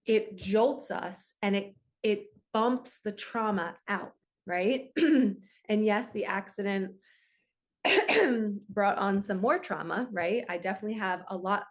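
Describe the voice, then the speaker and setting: Woman doing a card reading, chatty and rambly, lots of "like" and "right", mid pitch. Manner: chatty, flowing, heavy on "like" and "right". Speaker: spiritual reader and coach. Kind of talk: casual card reading talk.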